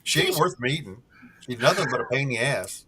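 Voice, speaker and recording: A man's voice: mid-range voice, expressive, a little fast, sharp tone. A man telling a crude joke in a folksy, profane way during a casual live chat.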